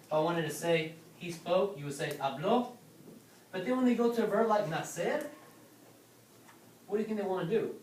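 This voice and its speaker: A man's voice: high voice, animated, moderate pace, long pauses, a little mellow, far from the mic, slight background noise. A man teaching a class, lecturing and often asking questions and checking with "okay?". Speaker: Spanish teacher. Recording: roomy classroom from afar.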